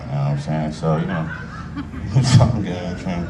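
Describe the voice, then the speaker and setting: A man doing profane stand-up storytelling, loud and animated, acting out voices as he tells an anecdote. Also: low voice, fairly quick, roomy sound, distant mic, background noise. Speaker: stand-up comedian.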